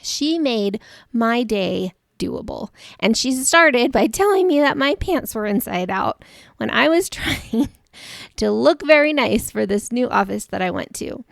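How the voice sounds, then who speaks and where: Woman host, chatty self-deprecating storyteller, gravelly edges, close and dry. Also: a little high, expressive, a little slow, dry recording. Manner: chatty and warm-humored, laughs at herself. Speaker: podcast host. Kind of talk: personal storytelling monologue.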